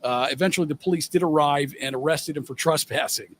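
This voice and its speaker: Easygoing middle-aged man, slightly high voice. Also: fast talker, fairly bright tone. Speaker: podcast co-host. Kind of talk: casual chat.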